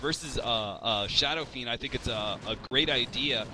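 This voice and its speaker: A man's voice: mid-range voice, normal speed, background noise. A man commentating a video game match, rambling with lots of fillers and restarts. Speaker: esports commentator.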